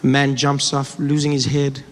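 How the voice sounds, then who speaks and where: A man's voice: medium pitch, completely flat delivery, normal speed. A male stand-up comedian telling a self-mocking story in a conversational way, with stammered restarts, on stage before a live audience. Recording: reverberant live hall, laughing crowd, noise.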